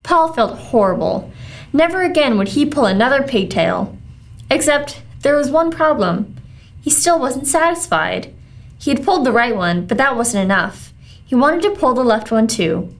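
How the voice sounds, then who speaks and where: A woman reading a children's book aloud with expressive storytelling. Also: on the high side, moderate pace. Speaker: reader.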